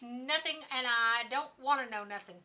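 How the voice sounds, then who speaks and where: A woman's voice: a little high, moderate pace, pushed and bright, dull audio. A woman voicing a grumpy, dismissive short male merchant while reading game dialogue aloud. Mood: surly. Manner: gruff, dismissive.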